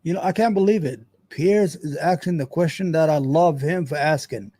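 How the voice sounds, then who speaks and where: A man's voice: on the high side, moderate pace, warm tone, no room sound. A man hosting a show, giving heated, profane, rambling commentary on a news clip. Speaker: show host.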